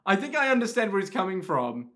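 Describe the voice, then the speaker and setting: Excitable man with wildly swinging pitch. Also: fast talker. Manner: excitable, swings pitch widely, laughs and swears often. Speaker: podcast co-host. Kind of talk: casual comedic chat.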